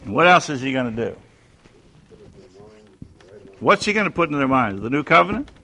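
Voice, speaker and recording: A man teaching a Bible class who questions his listeners, answers himself, and swings between loud emphasis and hushed tones. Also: mid-range voice, sing-song, moderate pace.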